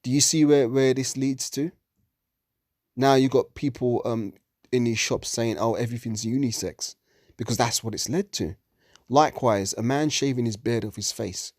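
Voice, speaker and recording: A man's voice: mid-range voice, moderate pace, darkish tone, no room sound, clean studio sound. A man gives a heated religious commentary monologue, ranting and swearing often.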